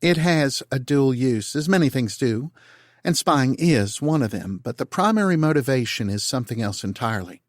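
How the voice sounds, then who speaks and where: Man reading a female senator, formal measured briefing, mid pitch, dry close sound. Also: animated, dry recording, natural voice. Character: brisk female senator leading a secret briefing. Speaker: narrator voicing character.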